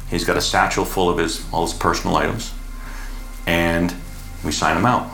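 A man's voice: low voice, moderate pace, gravelly. A man vividly recounting a tense night drive as an interviewee. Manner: lively, vivid storytelling. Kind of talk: recounting story. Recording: roomy, music behind.

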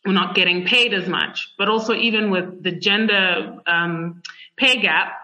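A young woman from Zimbabwe, a podcast guest talking casually with lots of fillers and an animated, chatty manner. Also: mid-range voice, measured pace. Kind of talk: conversational interview. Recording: dull lo-fi sound.

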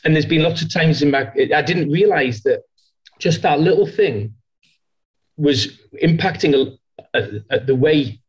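A man's voice: fairly high pitch, lively intonation, measured pace, muffled recording. A man who is a guest sales leader, telling stories in a podcast interview with many restarts and quoted voices. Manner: rambling, self-reflective storytelling with many restarts; slips into quoted voices and an American impression.

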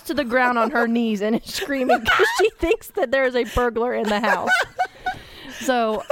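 A young woman, telling animated stories in casual chat and laughing as she goes. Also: a little high, normal speed, a little hiss or hum.

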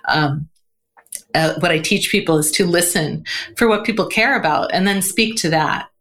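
Animated woman with a lowish voice. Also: moderate pace. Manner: animated, acts out quoted voices, laughs often; frequent fillers like "um" and "you know". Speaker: guest, communication coach. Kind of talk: podcast interview conversation.

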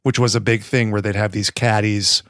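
A man's voice: lowish voice, fairly even intonation, normal speed, fairly bright tone, dry recording, clean studio sound. Rambling, profane man chatting on a podcast. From United States. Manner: rambling, profane, playful, drops into mock accents. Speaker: podcast co-host. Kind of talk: casual chat.

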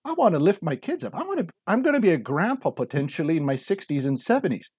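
A man's voice: a little high, big pitch swings, fast talker, a little mellow, breathy edge, no echo, studio quality. A man in his forties telling his story earnestly as a podcast guest, acting out quoted speech. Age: 40s. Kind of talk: casual interview talk.

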